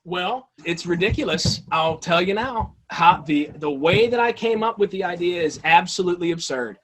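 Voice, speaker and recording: A man tells lively stories as a guest on an interview show. His voice sits a bit high for a man. He talks with animated enthusiasm, casual and eager. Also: moderate pace. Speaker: guest, toy-hunting video creator.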